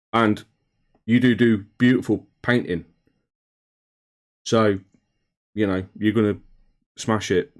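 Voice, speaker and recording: A man chatting casually on a live hobby stream, greeting viewers by name, calling them mate and swearing now and then. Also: lowish voice. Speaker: streamer reading chat. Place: home hobby room.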